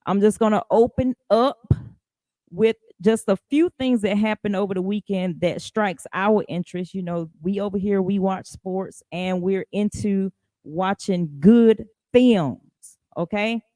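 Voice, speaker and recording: A woman hosting a live podcast in a casual, chatty way, greeting viewers by name and rising high in pitch for emphasis. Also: unhurried, mellow, dry recording. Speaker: podcast host.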